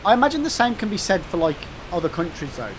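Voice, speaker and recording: Midlands English guy, gaming streamer, slightly high voice, casual and sweary, faint hiss behind. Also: very animated, fast. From England. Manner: chatty, swears, answers chat by name. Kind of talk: casual livestream chat reading viewer messages.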